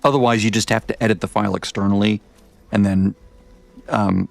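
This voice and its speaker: Man, gravelly voice, chatty game commentary, rambling, dry close sound. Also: lowish voice, fairly even intonation, fairly quick, no room sound. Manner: rambling, self-correcting, chatty. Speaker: gaming vlogger.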